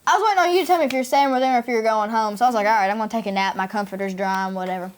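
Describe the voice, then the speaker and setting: A woman's voice: fairly high pitch, rapid-fire. A young woman with a Tennessee Southern accent, hosting a casual chat with friends and telling crude, laughing stories. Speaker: podcast host.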